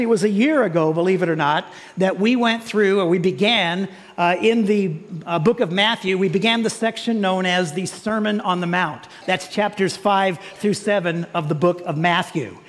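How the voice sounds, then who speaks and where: High-voiced male pastor preaching in a hall. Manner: jokey, conversational preaching with playful sound imitations. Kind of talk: sermon. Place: church sanctuary.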